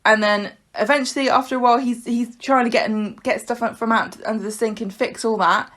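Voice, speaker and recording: A woman's voice: fairly high pitch, fairly even intonation, brisk, fairly bright tone. Chatty woman podcast co-host. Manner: chatty, laughs often while telling stories. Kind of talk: casual podcast chat.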